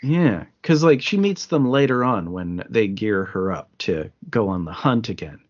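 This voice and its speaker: A man co-hosting a casual film podcast, swearing freely and acting out scenes in quick voices. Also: on the low side, lively intonation, dull audio. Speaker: podcast co-host.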